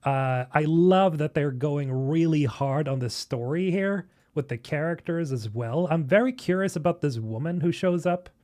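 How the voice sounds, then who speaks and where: A young man from Sweden reacting to game trailers on a live stream, excitable and swearing, talking to chat. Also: a little high, normal speed, hardly any pauses. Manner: excitable, swearing, chatting with viewers. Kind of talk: casual live-stream commentary.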